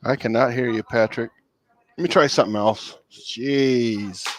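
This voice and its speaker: A man's voice: medium pitch, steady tone, a little slow. A man hosting a casual cooking livestream, rambling and chuckling as he chats with viewers. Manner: laid-back, rambling, chuckling often. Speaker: cooking channel host on a livestream.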